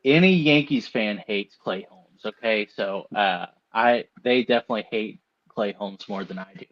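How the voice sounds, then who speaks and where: Man, mid-pitched voice, casual sports chat co-host, reels off stats, playful, slightly muffled audio. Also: normal speed.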